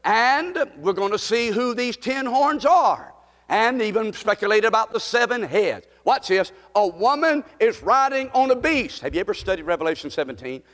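A male pastor, his voice sitting notably high, preaching a sermon. He leads the congregation in call-and-response and builds to emphatic repetition. The sound carries a long echo from a large church hall. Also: animated, moderate pace, a bit bright.

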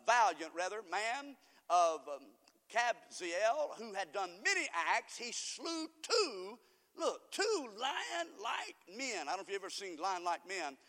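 A preacher man with a high, bright, ringing voice, delivering a sermon in a church with long reverb. He swings from quiet asides to sudden shouts and draws the congregation into call-and-response. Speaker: pastor.

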